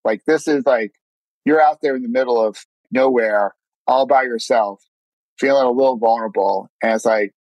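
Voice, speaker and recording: A man's voice: mid-range voice, fairly even intonation, normal speed, a little mellow, dry recording, rough recording. A man telling a personal story as a podcast guest, earnest, acting out his own thoughts and often restarting words. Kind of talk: casual storytelling.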